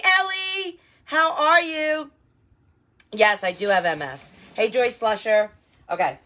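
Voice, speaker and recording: A woman who designs wreaths, hosting a chatty live craft tutorial and greeting her viewers by name. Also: mid-range voice. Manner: chatty and upbeat, many fillers and asides to viewers.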